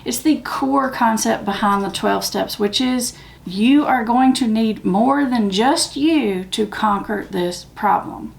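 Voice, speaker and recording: A Southern US woman talks straight to camera as the host of a recovery channel, plain-spoken and emphatic. Her voice sits a touch high and carries a gravelly fry. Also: slow. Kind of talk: casual talk to camera.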